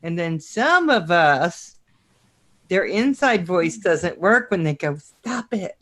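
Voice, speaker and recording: A woman's voice: fairly low pitch, big pitch swings, slow pace, fairly bright tone. Woman, co-host of a live drone chat; chatty, teasing, loves a story. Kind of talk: casual live-stream chat.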